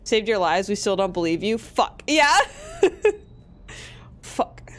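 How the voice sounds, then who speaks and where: A woman's voice: medium pitch, sing-song, slow. A young woman from Minnesota giving casual gameplay commentary, chatty, swearing freely and laughing often. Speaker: streamer.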